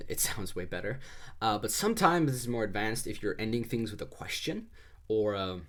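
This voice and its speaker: A man with a somewhat low voice explains sales calls in a loose, chatty way. He talks through ideas with frequent fillers and restarts. He sounds a little congested. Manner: loose and conversational, many fillers. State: slightly congested. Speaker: sales trainer. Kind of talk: casual instructional talk.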